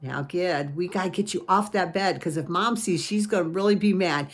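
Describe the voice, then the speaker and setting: A woman's voice: fairly low pitch, moderate pace, close to an everyday voice. A woman voicing a cheerful, caring teenage boy who looks after his little brother in a read-aloud story. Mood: affectionate.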